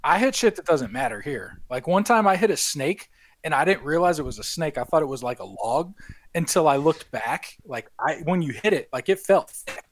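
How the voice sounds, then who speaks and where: A man's voice: a little high, animated, moderate pace. Laid-back man swearing through anecdotes. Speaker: podcast guest. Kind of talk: casual podcast chat.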